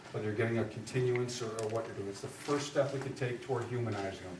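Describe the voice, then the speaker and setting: A trial advocacy instructor lectures lawyers live on courtroom skills, talking conversationally and emphatically while checking in with "right?" and "okay?". His medium-pitched voice runs fast with hardly any pauses, captured from a distance in an echoey room with faint noise.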